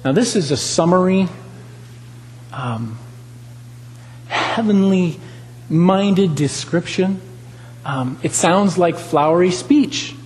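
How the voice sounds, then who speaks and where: A man's voice: a little high, expressive, slow, big-room sound, a little hiss or hum, poor audio. A man preaching a sermon, talking with animation, asking the congregation questions and repeating lines for emphasis.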